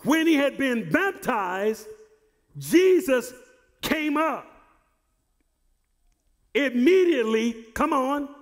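A male pastor preaching a sermon who repeats and restarts words and builds to shouted emphasis. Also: very high-pitched, expressive, slow pace, long pauses, long reverb tail. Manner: repeats words and stumbles on starts.

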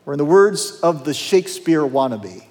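A man's voice: on the high side, sing-song, normal speed, darkish tone. A man, a pastor, preaching a sermon in a conversational, humorous way with dramatic quotes. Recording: reverberant church hall.

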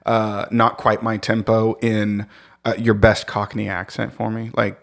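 A man's voice: fairly low pitch, monotone, unhurried, vocal fry. A man co-hosting a podcast in casual chat, easygoing and often hesitant as he talks. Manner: easygoing, hesitant, restarts words. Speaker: podcast co-host.

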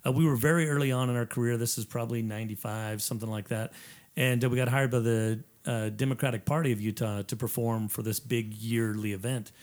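A man's voice: mid-range voice, fast. A middle-aged man, an improv comedy performer, telling stories in a casual chat and acting out what others said with laughs between lines. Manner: animated storyteller who acts out what people said and laughs between lines. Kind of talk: casual podcast chat, storytelling.

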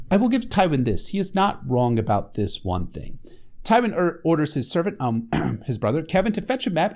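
A man casually recapping a fantasy novel chapter, with sarcastic, profane asides and frequent restarts. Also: mid-range voice. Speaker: book recap host.

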